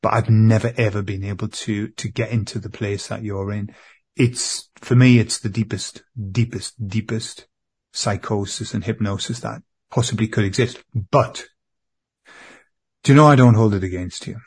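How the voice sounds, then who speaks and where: A man in a therapy session, speaking earnestly to an empty chair with halting, repeated phrases. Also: on the low side, fairly even intonation, a little mellow, breathy edge. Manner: earnest, repetitive, halting with restarts. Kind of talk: emotional spoken address to an empty chair.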